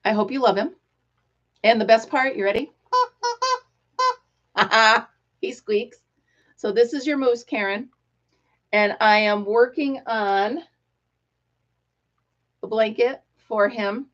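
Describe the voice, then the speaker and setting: A middle-aged woman hosting a casual live stream, talking excitedly and telling stories with quoted voices. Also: fairly high pitch. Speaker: livestream host. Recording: dull lo-fi live-stream audio.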